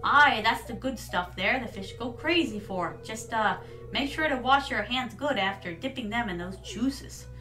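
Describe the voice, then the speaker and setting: A woman's voice: a little high, expressive, normal speed, pushed and bright, far from the mic, soft background music. A woman voicing a friendly older male fisherman in a game, with folksy old-sailor talk.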